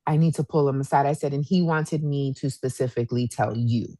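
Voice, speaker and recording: Low-voiced woman telling a story. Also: fairly quick, no echo. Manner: animated storyteller, acts out quotes, says "y'all". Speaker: podcast co-host. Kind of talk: casual chat, storytelling.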